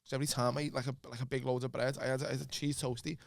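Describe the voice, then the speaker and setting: A man's voice: mid-range voice, flat delivery, racing, vocal fry, dry recording, studio quality. A man, telling rambling stories on a podcast and laughing often. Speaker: podcast co-host. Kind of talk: casual chat.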